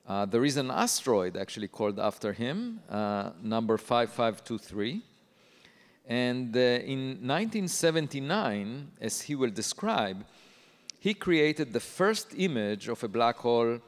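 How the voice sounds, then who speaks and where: A man introducing a keynote speaker at a conference, hesitant and full of uhs. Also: medium pitch. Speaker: conference host. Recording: long hall reverb.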